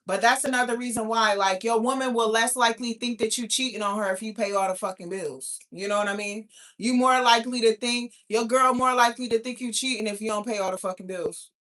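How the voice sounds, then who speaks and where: A young woman hosting a casual livestream, reading viewer comments and telling stories in a blunt, profane, animated way. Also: on the high side, brisk, hardly any pauses. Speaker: livestream host.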